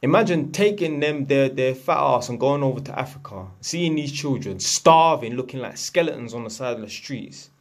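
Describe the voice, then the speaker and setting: A man's voice: medium pitch, expressive, moderate pace, hardly any pauses. Blunt man ranting. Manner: blunt, profane, lecturing, slangy. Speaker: vlogger. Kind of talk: unscripted ranting monologue.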